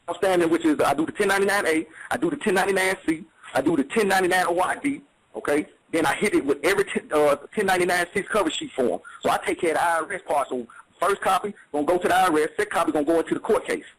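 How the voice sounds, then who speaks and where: Fast-talking high-voiced man, streetwise and emphatic. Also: a bit bright, poor audio. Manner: streetwise, emphatic, repeats "you see what I'm saying". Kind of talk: casual instructional talk.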